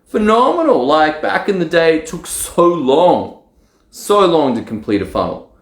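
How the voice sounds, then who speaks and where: A man coaching on online marketing, talking straight to camera in a casual, animated way and acting out his own excited inner voice. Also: a little high, a little slow, echoey room. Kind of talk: casual direct-to-camera talk.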